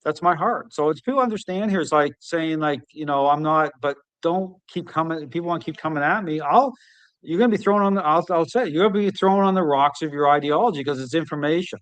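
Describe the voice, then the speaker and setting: A man hosting a podcast, speaking casually and telling stories with animated emphasis. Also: a little high, brisk, no echo. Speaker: podcast host and dog trainer. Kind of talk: casual conversation.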